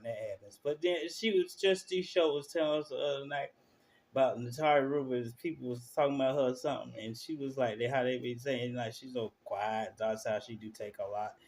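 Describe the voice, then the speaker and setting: A man streamer giving casual live commentary, telling stories in animated slang. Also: mid-range voice. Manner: animated storytelling, slangy, laughs through stories. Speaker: streamer reacting to clips.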